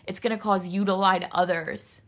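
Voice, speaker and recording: A woman's voice: mid-range voice, steady tone, a little fast, a bit bright. A woman hosting a solo podcast, speaking in a raw, candid way, emotional and close to tears, swearing freely. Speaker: podcast host.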